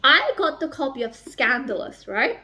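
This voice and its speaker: A woman's voice: high-pitched, very animated, normal speed, pushed and bright. A young woman talking casually in a book vlog, emotional and rambling, swearing a lot. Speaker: book vlogger.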